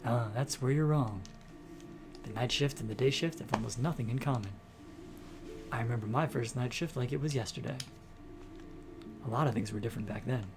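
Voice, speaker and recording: Man voicing a thoughtful older-sounding doctor, unhurried and kind, over game music. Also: mid-range voice, natural voice. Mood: reminiscing. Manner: calm, slow, fatherly storytelling. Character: reflective middle-aged male senior doctor.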